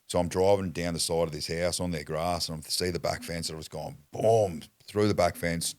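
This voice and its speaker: A man's voice: low-pitched, fairly even intonation, brisk, a little mellow, no echo. An Australian man telling a story as a podcast guest, blunt and foul-mouthed in casual chat. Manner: blunt, heavy swearing, acts out quotes.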